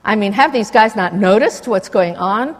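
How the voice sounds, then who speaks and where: A woman's voice: mid-range voice, animated, moderate pace. An older woman giving an impassioned conference lecture, digressive and full of indignant asides. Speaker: conference speaker. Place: lecture hall with long reverb. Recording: reverberant hall recording.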